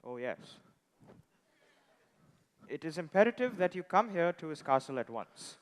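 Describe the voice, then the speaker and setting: Male actor as a dry comic messenger; high, lively pitch; stage hall echo. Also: measured pace. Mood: deadpan. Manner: dry, comic timing, sudden loud calls. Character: deadpan male telegram messenger. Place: theatre stage. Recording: reverberant hall.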